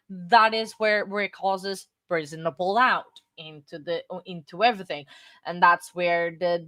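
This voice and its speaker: A woman's voice: medium pitch, a bit bright, no echo. Hiccuping woman chatting on a livestream. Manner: rambling, self-interrupting, halting. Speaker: livestream host. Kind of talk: casual livestream chat. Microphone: desk microphone.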